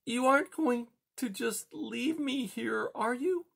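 A man's voice: slow pace, gravelly, fairly bright tone, exaggerated voice. Man putting on a tiny frightened girl mouse. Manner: high, small and trembling. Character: small frightened young female mouse.

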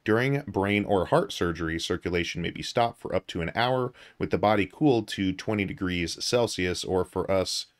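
A man's voice: sits low, moderate pace, few pauses. A man from the US hosting a podcast, reading an article aloud with filler words and joking asides. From United States. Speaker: podcast host.

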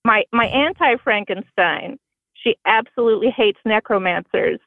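Speaking over a tinny phone connection, this Bloomington, Indiana woman calls in to a podcast in a Southern American accent. Her voice sits fairly high and moves at normal speed, with no echo, and her humor is dry and self-deprecating.

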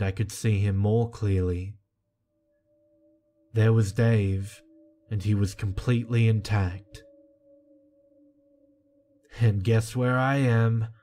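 A man reading a creepy first-person horror story in a slow, hushed and tense way. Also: lowish voice. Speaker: narrator. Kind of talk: scripted horror narration. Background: soft music.

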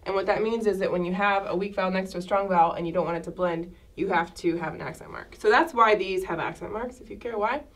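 A woman's voice: medium pitch, quick pace, few pauses. A woman teaching a Spanish class, explaining grammar in a chatty way and checking in with the class by asking "okay?" again and again. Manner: checks in with frequent "okay?" asides; self-correcting, chatty explanations. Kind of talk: classroom lecture at a whiteboard.

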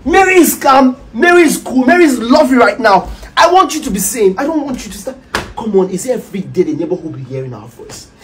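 A woman's voice: fairly high pitch, sing-song, fast talker, slight background noise, poor audio. A Nigerian woman acting a devout spouse who kneels and pleads in prayer, repeating phrases in a preachy way. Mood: pleading. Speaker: actor in a comedy skit.

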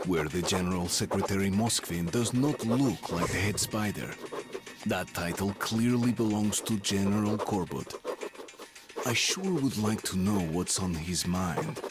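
An actor voicing a weary young male soldier, giving measured, brooding game narration between levels. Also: lowish voice, natural voice.

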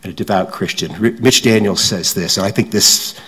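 Older male guest speaker, husky, low, stop-start delivery, long hall reverb. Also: fairly bright tone. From suburban Washington, D.C. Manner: halting, many restarts, self-deprecating humor. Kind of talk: fireside talk with audience questions.

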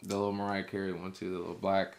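A man's voice: low voice, level tone, rapid-fire, gravelly. A husband in casual, laid-back chat with his wife, joking and teasing her.

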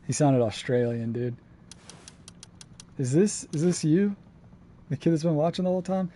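A man's voice: mid-range voice, moderate pace, pauses often, mellow. A man streaming a survival game, chatting casually and swearing, flipping between laid-back and exasperated. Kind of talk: casual gaming stream commentary.

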